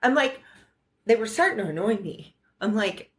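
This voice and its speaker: A woman from the United States telling a story on a podcast, animated and profane, acting out the dialogue as she goes. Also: mid-range voice, normal speed. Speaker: podcast co-host. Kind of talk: casual storytelling chat.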